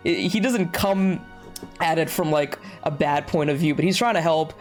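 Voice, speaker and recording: A man's voice: on the high side, normal speed, faint music behind. A man co-hosting a casual podcast chat, retelling scenes and acting out short quotes, with frequent restarts. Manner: animated, acts out quotes with restarts. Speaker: podcast co-host.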